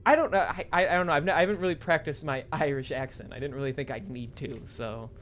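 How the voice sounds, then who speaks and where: A man's voice: fairly high pitch, fast, a bit bright. A man acting as game master of a tabletop game on a stream, talking in a rambling, joking way. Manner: rambling, self-deprecating, joking.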